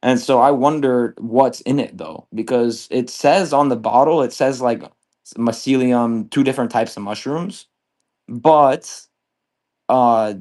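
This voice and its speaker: A man's voice: medium pitch, darkish tone. A man selling on a live stream, telling a long story in a laid-back, rambling way full of swearing and fillers. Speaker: livestream seller. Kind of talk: casual storytelling chat.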